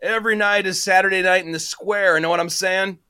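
A man voicing a washed-out stoner dealer in his sixties with a slow drawl. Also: high voice, fairly even intonation, pushed and bright, clear, resonant tone, pitched above the performer's own voice. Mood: laid-back.

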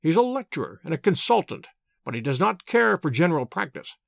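Man playing a wry, measured detective. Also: a little high, very animated, creaky, no echo, full character voice. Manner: measured, courteous, gently ironic. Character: shrewd, calm male detective, dry and wry.

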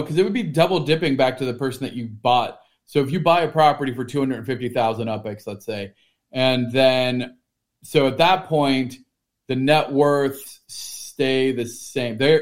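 A man co-hosting a podcast in casual chat, talking in a joking, rambling way full of "like". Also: medium pitch. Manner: chatty and joking, heavy use of "like". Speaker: podcast co-host.

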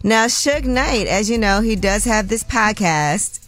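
A woman's voice: medium pitch, lively intonation, unhurried, a bit bright, faint music behind. A woman hosting a morning radio show, laughing and teasing her callers. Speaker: radio host.

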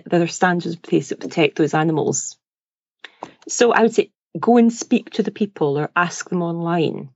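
A woman's voice: on the low side, a little mellow, husky, no room sound, lo-fi sound. A woman guesting on a podcast, speaking earnestly and forthrightly. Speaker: podcast guest, wool dyer. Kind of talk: interview.

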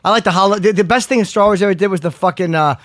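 A man's voice: high-pitched, very fast, a bit bright. A man co-hosting a podcast in casual chat, blunt and teasing, swearing as he talks. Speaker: podcast co-host.

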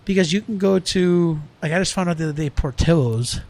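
A middle-aged restaurant owner talking earnestly in a casual podcast conversation, rambling with lots of fillers. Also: male voice, fairly high pitch, fairly quick, a little mellow.

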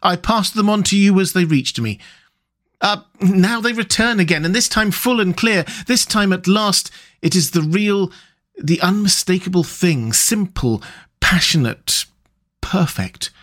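A guy doing a sleepy dreamy water rat, soft and languid, pitched up a bit, storybook feel. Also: expressive, a little slow. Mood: hushed wonder.

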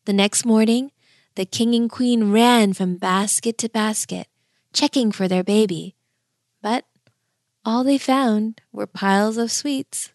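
A woman narrating a bedtime fairy tale in a gentle, measured way. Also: fairly high pitch, no room sound, clean studio sound. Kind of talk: storybook narration.

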